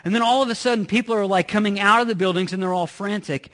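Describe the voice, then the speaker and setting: High-voiced pastor telling stories. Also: male voice, quick pace, a bit bright. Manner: conversational, joking asides, frequent "like". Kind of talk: sermon with personal storytelling.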